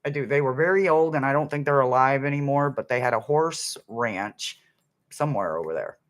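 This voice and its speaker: Man, livestream host, rambles and hums, mid-pitched voice. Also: a little fast. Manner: chatty, rambling, hums and sings snippets. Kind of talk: casual livestream chat.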